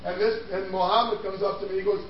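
A man's voice: sits high, level tone, fast talker, lo-fi sound. A man preaching a sermon, telling a story with laughs and restarts before turning to scripture. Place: church hall.

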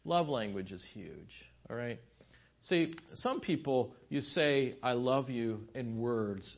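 A man's voice: medium pitch, expressive, a little slow, vocal fry, muffled recording. Man preaching, storytelling. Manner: storytelling, acts out his wife's lines in raised voice. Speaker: pastor. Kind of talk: sermon at a marriage seminar.

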